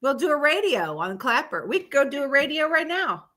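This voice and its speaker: A woman co-hosting a live stream with a high, bright voice. She teases her friend, laughs easily and swears without a second thought, all in loose casual chat. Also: big pitch swings, brisk. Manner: laughing, teasing, swears freely.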